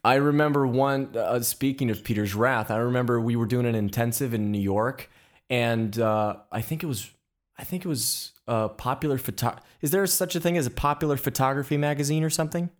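A podcast host with a medium-pitched voice talks fairly quickly in a casual interview. He tells lively stories about his time as a photographer's assistant, often restarting his sentences.

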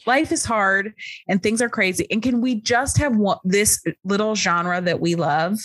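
A woman's voice: mid-range voice, unhurried, a bit bright, dry recording. A woman co-hosting a casual book chat, speaking earnestly and emphatically. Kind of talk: casual chat about books.

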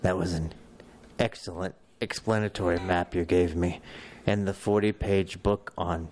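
Guy playing a dry, sarcastic ancient half-vampire, low voice. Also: moderate pace, natural voice.

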